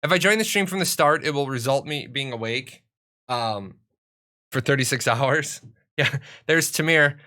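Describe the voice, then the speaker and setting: Young male streamer, bright and forceful tone, rambling self-joking chat at a desk mic. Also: mid-range voice, moderate pace. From United States. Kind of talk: casual live-stream chat.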